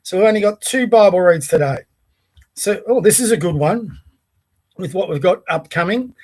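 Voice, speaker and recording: A man's voice: high voice, lively intonation, moderate pace. A man with an Australian accent hosting a casual daily podcast, rambling and chatty, stopping to talk to his dog. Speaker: podcast host. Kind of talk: casual solo vlog chat. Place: home by the bay.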